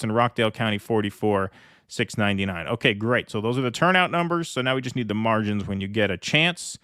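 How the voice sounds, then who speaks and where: A man's voice: lowish voice, brisk, pushed and bright, clear, resonant tone, dry recording, clean studio sound. Chatty man hosting live commentary. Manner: chatty, joking, reads viewer comments aloud. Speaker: political stream host.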